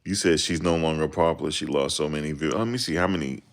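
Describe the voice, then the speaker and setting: A man with a very deep voice, giving casual, joking reaction commentary on a livestream. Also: quick pace. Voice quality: very deep voice that people ask him to repeat. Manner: joking, laid-back, slips into mocking voices.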